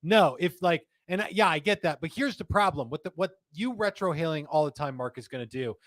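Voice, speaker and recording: A man's voice: on the high side, brisk, fairly bright tone, dry recording. Chatty, jokey male podcast host. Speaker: livestream host. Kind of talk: casual podcast chat.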